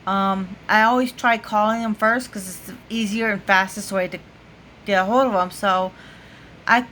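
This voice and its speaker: A woman's voice: medium pitch, fairly bright tone, a little hiss or hum. A woman vlogger telling a story to the camera in a casual way, laughing often and full of fillers. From United States.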